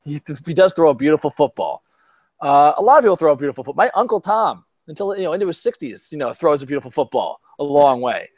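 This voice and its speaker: A male podcast host chatting about sports in a casual, rambling way, often restarting his sentences. His voice sits a little high for a man, and it sounds dry and close to the mic. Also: lively intonation, fast talker, a little mellow, no room sound. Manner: chatty, many restarts, laughs easily.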